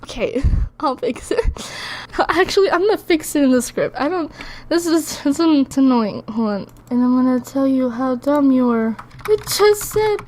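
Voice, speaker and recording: A woman's voice: high voice, lively intonation, moderate pace, darkish tone, slight background noise. A woman reading lines in a casual outtake, teasing and giggling as she stumbles over the script.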